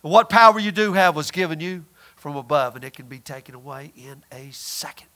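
A man delivers a sermon in a high, ringing voice. He is emphatic, swinging from loud declarations to hushed asides, and acts out the people in his retellings. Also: expressive, brisk. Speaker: preacher.

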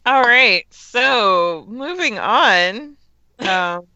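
Woman host, slow, lively pitch, dry muffled recording. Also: no echo. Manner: steers the talk. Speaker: podcast host. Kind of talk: casual film chat. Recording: dry, dull lo-fi sound.

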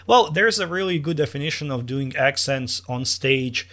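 Podcast co-host, male, mid-pitched, methodical explainer who restarts sentences often. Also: expressive, moderate pace, pushed and bright. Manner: thoughtful, explains with analogies, frequent restarts. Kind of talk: casual chat. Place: Moscow.

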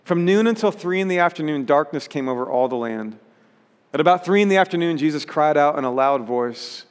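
A man's voice: fairly high pitch, animated, a little fast, in a large hall. A pastor preaching a sermon in an earnest way, rising to emphatic peaks as he reads scripture.

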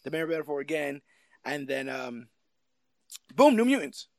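A man co-hosting a podcast, chatting casually about a movie, animated and laughing as he acts out scenes. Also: fairly high pitch, moderate pace, no room sound, clean studio sound. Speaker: podcast co-host. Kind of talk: casual movie review chat.

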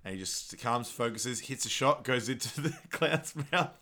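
A man co-hosting a podcast, casually recapping a film, laughing often and loudly acting out quotes. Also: medium pitch, animated, moderate pace. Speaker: podcast co-host.

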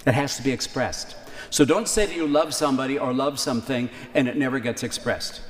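A man preaching a sermon, conversational, with key lines repeated slowly for emphasis. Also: mid-range voice. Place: church. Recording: reverberant church hall, faint ambience.

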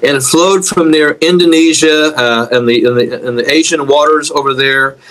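A man recounting a prophetic dream in a dramatic storytelling way, often repeating words as he searches for them, and slowing and dropping low to stress key lines. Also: a bit bright, low-quality recording.

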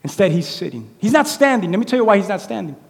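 A man preaching a sermon in a church, animated and conversational, acting out little quotes as he goes. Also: sits high, quick pace, gravelly. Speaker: pastor. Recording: echoey hall reverb.

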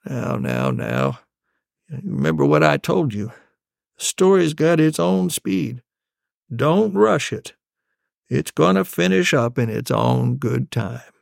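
A man voicing his old father, who tells a boyhood tale in a slow, drawn-out, teasing way. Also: mid-range voice, sing-song, creaky, no echo, clean studio sound, exaggerated voice. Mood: amused. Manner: slow, drawn-out, savoring delivery.

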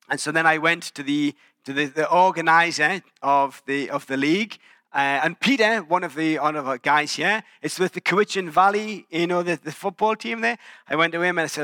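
Speaking at a normal speed in a sharp, slightly high voice, an English pastor in his forties preaches in church. He tells personal stories with a self-deprecating, conversational touch and plenty of restarts. No room sound is audible; the quality is clean studio.

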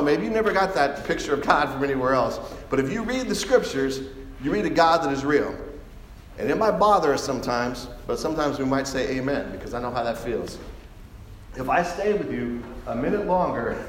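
A man's voice: fairly high pitch, a bit bright, a little hiss or hum. Preaching man in an echoey hall. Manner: preaching with rising intensity, calls for amens. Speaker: pastor. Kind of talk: sermon. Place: large church hall. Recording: echoey hall with long reverb.

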